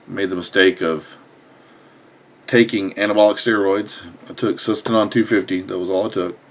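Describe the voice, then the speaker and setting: Young man, blunt and profane, casual vlog storytelling, somewhat low voice. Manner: blunt, profane, animated retelling. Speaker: fitness vlogger.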